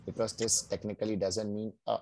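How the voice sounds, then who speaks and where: A man teaching a beginners' German class. He explains patiently, drills words slowly and keeps checking in with his students. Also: fairly low pitch, flat delivery, creaky, warm tone, dry recording, low-quality recording. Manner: patient, checks in often with "right?" and "no?"; drills pronunciation slowly, word by word. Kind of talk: live online language class.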